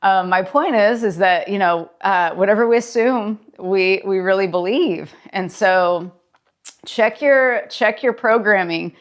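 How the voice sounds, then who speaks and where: A woman's voice: mid-range voice, unhurried. Chatty woman therapist vlogging. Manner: chatty and relaxed, with filler words and laughs. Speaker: therapist and daily video creator. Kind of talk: casual talking-to-camera vlog.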